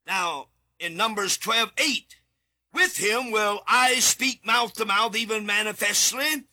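Alone in a studio, a man with a high voice preaches a sermon, reading scripture and repeating key words with sudden shouted emphasis.

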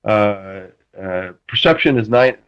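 Lo-fi former quarterback telling stories. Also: male voice, lowish voice, slow, smooth. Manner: lively storyteller who restarts sentences and acts out quotes. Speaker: former football quarterback, guest. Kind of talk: animated anecdote-telling.

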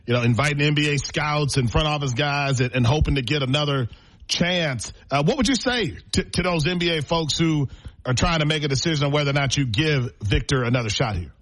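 A man's voice: on the high side, brisk, a bit bright. A man co-hosting sports radio, asking curious questions in a chatty way. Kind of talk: casual radio chat.

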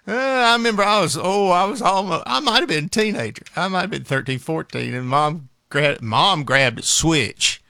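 A man's voice: fairly high pitch, lively intonation, moderate pace, pushed and bright, no echo. A male radio host in a studio, chatting casually between recordings with rambling remarks and laughs.

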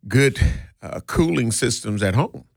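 A man's voice: medium pitch, animated, measured pace, vocal fry, no room sound. A man co-hosting a morning radio show in a studio, joking and laughing in playful banter. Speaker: radio co-host.

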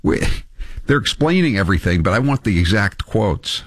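A sarcastic man hosting a talk radio show, ranting with a lively, swooping delivery. The sound is dry and close to the mic. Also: on the low side, no room sound. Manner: animated, sarcastic, quick to rant.

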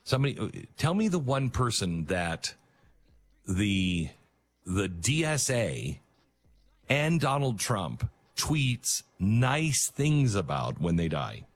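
A male talk show host giving an earnest, emphatic monologue with halting restarts. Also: lowish voice, very animated.

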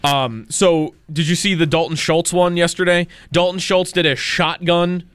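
A man's voice: high-pitched, steady tone, normal speed, a bit bright, clean tone, dry recording, studio quality. Matter-of-fact male co-host. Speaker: sports talk co-host. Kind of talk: casual sports chat.

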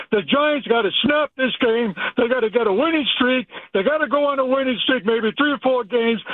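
A man's voice: very high voice, no room sound. A man calling in to a sports radio show, ranting pushily about his team over a phone line. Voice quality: excited, pushy, repetitive. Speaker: radio caller.

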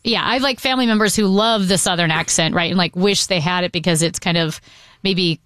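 A woman's voice: fairly low pitch, brisk, smooth, no room sound. A woman co-hosting a talk radio show in the studio, chatting casually and animatedly. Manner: chatty, animated, puts on accents for fun. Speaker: radio co-host. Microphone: studio microphone.

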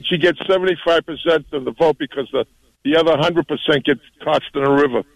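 An indignant male caller who stammers and doubles his words as he gets worked up. His voice sits a little high for a man and comes through a dull, muffled phone line with a dry, close sound. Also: brisk, creaky, no room sound. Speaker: radio show caller. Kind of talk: call-in complaint.

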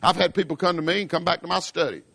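A Southern American man preaching a radio sermon. He is impassioned, rises to shouts and acts out his listeners' objections. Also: on the high side, rapid-fire, gravelly, husky. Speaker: pastor.

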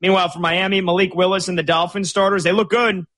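A man's voice: high voice, flat delivery, fast talker, a bit bright. A man hosting a sports radio show in a studio, chatty and opinionated with a playful streak. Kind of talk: casual sports talk. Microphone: studio microphone.

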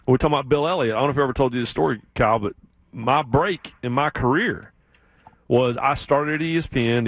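Southern man, animated radio host. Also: dry recording. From South Carolina. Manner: animated storyteller, mimics others in high voices. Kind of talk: casual sports radio chat.

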